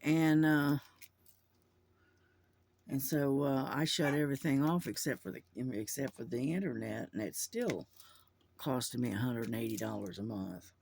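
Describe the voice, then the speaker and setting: A man's voice: mid-range voice, unhurried, gravelly, darkish tone, slight background noise. A man chatting casually to his camera at home, rambling with lots of fillers and restarts. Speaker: vlogger. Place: at home indoors. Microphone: camera mic.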